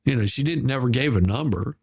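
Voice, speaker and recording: Gravelly sarcastic man rambling. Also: mid-range voice, expressive, fast, a little mellow, no room sound, studio quality. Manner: sarcastic, rambling, many restarts. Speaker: commentary channel host. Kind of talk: casual drama commentary.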